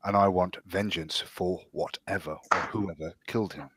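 A man playing a paladin in a tabletop game, speaking in a deliberate, forceful way. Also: low voice, steady tone, slight background noise. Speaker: player. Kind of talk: tabletop role-play.

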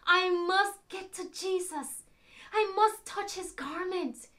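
A woman doing a desperate sick woman, high and pleading. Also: animated, normal speed, pushed and bright, exaggerated voice. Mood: desperate hope.

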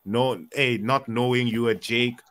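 Relaxed man running a Bible study, plain voice, easygoing. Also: mid-range voice, measured pace. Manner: laid-back, calls for verses, says "you know, man". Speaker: leader of the scripture study session. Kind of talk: casual religious discussion.

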